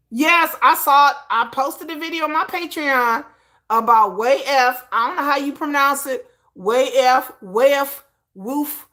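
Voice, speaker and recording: A woman vlogger chatting casually about pop music in a slangy, animated way, full of asides. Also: high-pitched.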